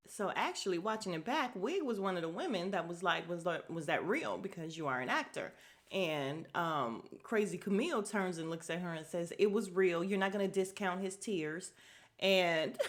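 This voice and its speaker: A woman's voice: medium pitch, animated, moderate pace. A woman hosting a podcast, chatting casually and gossiping through a reality show recap, talking to her listeners with fillers and asides. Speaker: podcast host.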